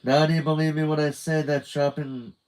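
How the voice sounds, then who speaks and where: A man's voice: a little high, little pitch movement, brisk, a little mellow, voice pushed up, close to an everyday voice, poor audio. A man voicing a young spy boy who talks in an exasperated, wry way. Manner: exasperated, sarcastic.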